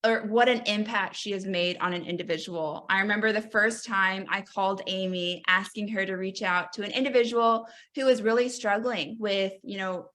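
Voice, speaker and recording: A woman's voice: mid-range voice, fairly even intonation, normal speed, hardly any pauses, a bit bright. A woman hosting a webinar conversation, introducing a mentor and asking questions in an encouraging way, often saying "you know". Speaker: webinar host. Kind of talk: webinar moderation.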